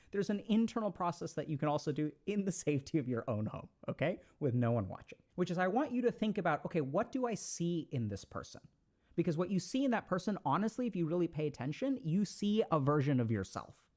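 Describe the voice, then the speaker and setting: Man, casual advice talk, quick delivery, lively pitch, slightly high voice. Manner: animated, conversational, acts out quoted lines. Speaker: speaker giving advice.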